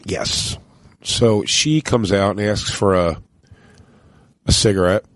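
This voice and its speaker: Male podcast co-host, casual storyteller, animated and profane, dry close sound, acts out quotes. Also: on the low side, slow pace, no room sound. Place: cruise ship.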